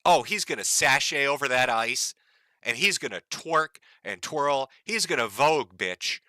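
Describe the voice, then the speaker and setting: A man's voice: mid-range voice, animated, measured pace, sharp tone, dry recording. A man giving profane, mocking video commentary in a sneering, sarcastic rant.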